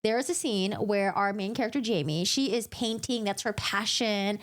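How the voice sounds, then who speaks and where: A young woman in a casual book recap, chatty, animated and jokey. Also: mid-range voice, moderate pace. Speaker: book vlogger.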